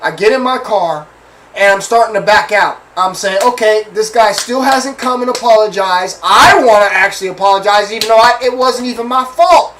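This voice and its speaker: At a normal pace and a high pitch, this man rants casually on his own show about something that happened to him. Animated and profane, he repeats himself and keeps seeking listeners' agreement. The distant mic picks up a little hiss or hum, and the audio quality is poor.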